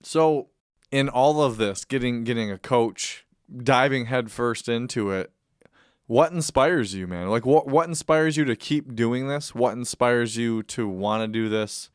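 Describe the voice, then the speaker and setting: A man's voice: medium pitch, a little slow, clear, resonant tone, dry recording, studio quality. A man hosting a podcast interview, friendly and encouraging, who laughs easily. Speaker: podcast host. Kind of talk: casual interview chat.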